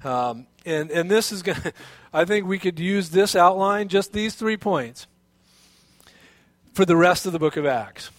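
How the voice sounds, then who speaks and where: Man, pastor; lively storytelling sermon, a touch high, dry and close. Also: a little slow, dry recording. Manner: animated storytelling, many restarts and fillers.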